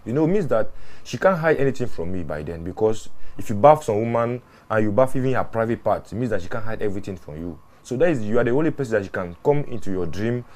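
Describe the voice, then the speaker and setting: A man with a fairly low voice, recounting his mortuary work in an interview. He talks earnestly and with animation, circling back over words and restarting sentences as he goes. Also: expressive, fast, hardly any pauses, darkish tone. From Ghana. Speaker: mortuary worker. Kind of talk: interview storytelling.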